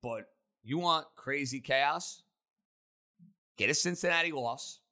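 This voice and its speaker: A man hosting a sports talk show, holding forth on the week's games. His voice is very bright and a touch high for a man. He fires off emphatic, punchy opinions. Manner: emphatic, rapid-fire opinions. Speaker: sports radio host.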